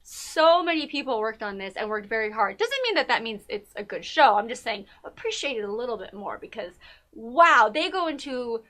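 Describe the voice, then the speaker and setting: A woman's voice: fairly high pitch, very animated, moderate pace, bright, forceful tone. A woman co-hosting a TV talk show, chatting casually and gushing about a documentary, with many fillers. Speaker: podcast co-host.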